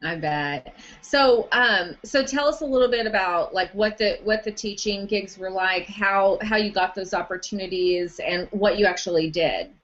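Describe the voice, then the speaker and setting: A woman's voice: mid-range voice, moderate pace, few pauses, fairly bright tone. A woman interviewing a guest, reacting with short encouraging remarks and asking open questions. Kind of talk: casual interview. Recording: dull lo-fi sound.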